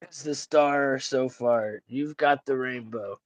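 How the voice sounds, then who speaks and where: A man's voice: mid-range voice, takes it slowly, no echo. A man hosting a livestream chat, joking crudely, laughing often and mimicking voices. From Italian family background. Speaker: livestream host. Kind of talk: casual chat.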